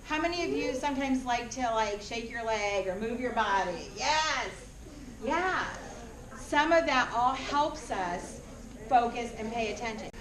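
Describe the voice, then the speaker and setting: High-voiced woman talking to schoolchildren. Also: measured pace, a little hiss or hum. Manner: animated, asks the children questions. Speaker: school presenter. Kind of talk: speaking to a class of students. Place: school classroom. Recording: echoey classroom from far off.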